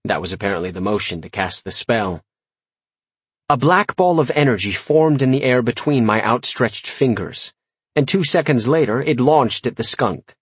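A man reading a comic first-person audiobook with wry, lively storytelling. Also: medium pitch, moderate pace, breathy edge, dry recording. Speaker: audiobook narrator.

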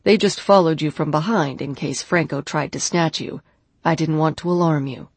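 A woman voicing a calm, protective man. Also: deep voice, normal speed, slightly rough, no echo. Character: protective tough man, tender lover.

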